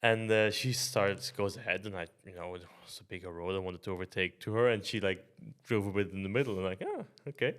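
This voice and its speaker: A man from Belgium with a low voice hosts a casual podcast. He tells stories in fits and starts, repeating words, with a dry joking edge. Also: steady tone, brisk, few pauses, fairly bright tone. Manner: storytelling, stammering restarts, dry humor. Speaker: podcast host.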